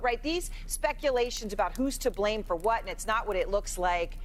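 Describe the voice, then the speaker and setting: A woman anchoring a broadcast news interview, speaking in a measured way as she explains and clarifies her points. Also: mid-range voice, a little hiss or hum.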